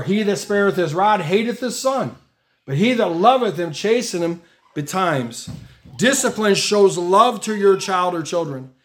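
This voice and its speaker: A middle-aged man preaching a sermon, reading scripture aloud with emphatic rises in his delivery. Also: on the high side. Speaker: pastor.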